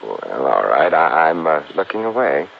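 An actor playing a suave, dry-witted detective in a 1940s radio drama, trading wisecracks on a dull old recording with faint hiss. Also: male voice, rumbling low, very animated, moderate pace, creaky, heavily acted. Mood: wry calm. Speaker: lead detective.

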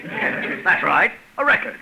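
An actor playing a pompous male supermarket owner who delivers dry, drawn-out sarcasm, in a 1940s radio comedy. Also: a little high, big pitch swings, gravelly, heavily acted. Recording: hissy old radio broadcast.

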